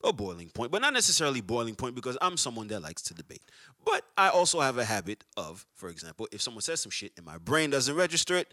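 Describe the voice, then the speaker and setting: A man co-hosting a podcast, talking loudly and passionately in a casual, heated debate. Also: mid-range voice, wildly swooping pitch, fast talker, no echo, studio quality. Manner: loud and passionate, talks over others. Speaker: podcast co-host.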